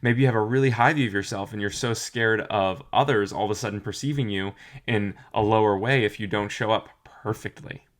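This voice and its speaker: A man's voice: fairly low pitch, fairly quick. A young adult man giving an earnest, encouraging talk to camera, often repeating phrases for emphasis. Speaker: motivational vlogger.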